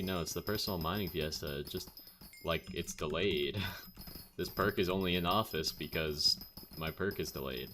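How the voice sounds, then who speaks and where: A deep-voiced man chatting on a game stream, bantering back at his viewers with wry, self-mocking jokes. A faint hiss sits under his voice. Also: pushed and bright. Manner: joking, self-mocking, defensive. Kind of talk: casual livestream chat reading comments.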